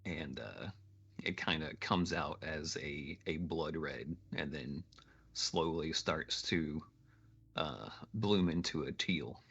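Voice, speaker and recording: Very deep, gravelly male player. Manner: soft, halting, with ums. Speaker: tabletop game player. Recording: muffled lo-fi audio.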